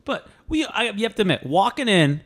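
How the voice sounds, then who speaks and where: Young guy host, slightly high voice, lively storyteller who laughs and plays out scenes. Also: a little fast. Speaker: podcast host. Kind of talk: casual chat.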